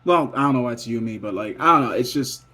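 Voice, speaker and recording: A man's voice: medium pitch, expressive, quick pace, pushed and bright. A young man vlogging a rambling, profane late-night monologue that drifts between mutters and whispers.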